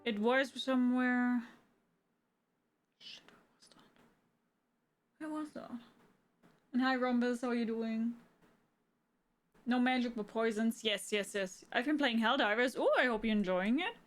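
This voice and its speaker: German-accented woman, gaming stream, fairly high voice, thinks out loud. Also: normal speed. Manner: chatty, thinks aloud, answers chat. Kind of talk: casual gaming livestream chat.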